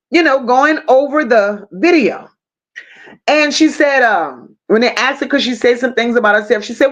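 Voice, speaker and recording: A casual true crime livestream is hosted by a woman with a high-pitched, fairly bright voice, and the highs are cut off in the recording. She delivers the story bluntly and with intense emotion, swearing freely as she addresses her viewers directly.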